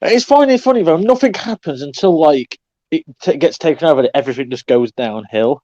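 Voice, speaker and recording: Animated man on a lo-fi podcast line. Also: on the high side, fairly quick, dry recording. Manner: animated, exclaims often and laughs readily. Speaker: podcast co-host. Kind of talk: casual chat. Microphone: online podcast recording app.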